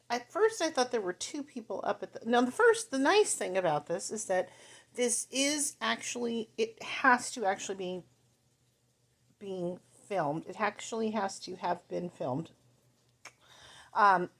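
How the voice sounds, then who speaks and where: A woman reviewing a TV movie in casual chat, rambling and correcting herself as she goes. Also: on the low side. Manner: rambling, chatty, self-correcting.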